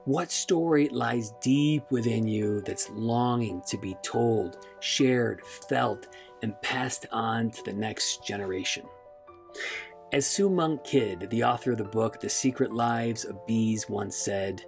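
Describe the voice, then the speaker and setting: Slow, gravelly-voiced man telling his story. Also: medium pitch, darkish tone, faint music behind. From United States. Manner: slow, reflective and heartfelt. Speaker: podcast host. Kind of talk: scripted personal narration.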